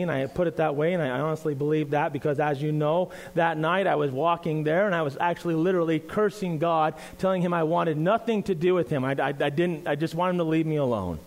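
A man's voice: on the high side, steady tone, a little fast. A man preaching in a church, reading scripture, praying and sharing his story in an earnest, conversational way. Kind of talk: sermon with scripture reading and prayer.

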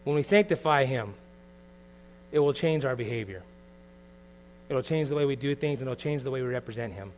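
A middle-aged man preaching a sermon as pastor, earnest and confessional, moving from quiet reflection to loud bursts. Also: medium pitch, fairly quick, long pauses, slight background noise.

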